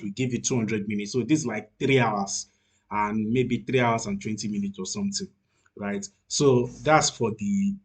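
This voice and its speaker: A man's voice: on the low side, husky. A man casually explaining pricing plans, hesitant and full of fillers. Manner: hesitant, many fillers and restarts. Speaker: tutorial presenter.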